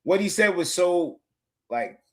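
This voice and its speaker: This man speaks high with lively intonation at a slow pace. A live stream host from Newark, New Jersey, USA, he keeps a casual football watch-along going with loose, profane talk in a New Jersey accent. He laughs frequently, says things over again, and sounds tired enough to yawn.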